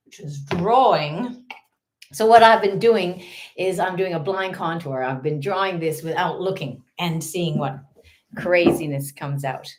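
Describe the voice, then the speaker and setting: Slow-talking Irish woman live-streaming. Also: on the low side. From Ireland. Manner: chatty and playful, with mumbled asides to herself and bursts of giggling. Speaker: livestreamer. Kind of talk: casual live-stream chat.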